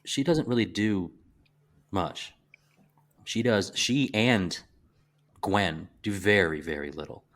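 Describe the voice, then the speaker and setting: Southern man, low voice, casual podcast co-host, halting and reflective. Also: a bit bright. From American South. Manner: halting, restarts often, thoughtful. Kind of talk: casual movie discussion.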